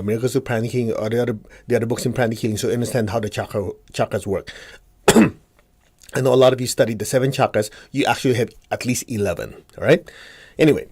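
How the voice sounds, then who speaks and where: A man leads a meditation class in a mid-pitched voice. He explains step by step, asks the room questions and answers them himself, and acts out inner dialogue. His delivery is calm and teacherly. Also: husky. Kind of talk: spiritual teaching talk to a group.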